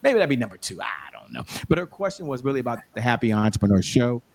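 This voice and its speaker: A man talking as a guest on an interview show, swinging from hushed asides up to excited, high bursts as he tells his story. He moves into preachy encouragement to keep going. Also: fast talker. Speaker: guest, show host and sales coach. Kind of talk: motivational interview talk.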